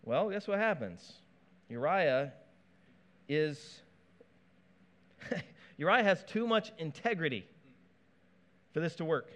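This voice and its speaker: A man preaching a sermon in a conversational, animated way, with asides and playful touches. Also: a little high, slow, long pauses. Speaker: pastor.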